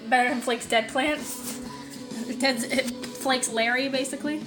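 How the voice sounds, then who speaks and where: Chatty high-pitched woman streaming from home. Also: steady tone, unhurried, music in the background. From Canada. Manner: chatty, rambling, lots of fillers and swearing. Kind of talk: casual live-stream chat. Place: home, indoors.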